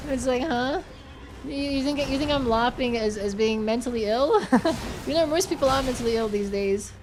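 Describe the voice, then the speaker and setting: With a high voice at normal speed and slight background noise, an Australian-accented woman chats on stream while gaming. She reads viewer comments aloud, giggling and rambling, with fillers and restarts.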